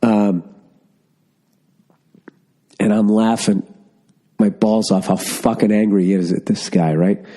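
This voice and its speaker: Stuffy man ranting into a podcast mic. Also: fairly low pitch. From Massachusetts. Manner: profane, ranting, storytelling, animated asides. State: stuffy, congested from a cold. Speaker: podcast host. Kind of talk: casual solo podcast rant. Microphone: studio podcast mic.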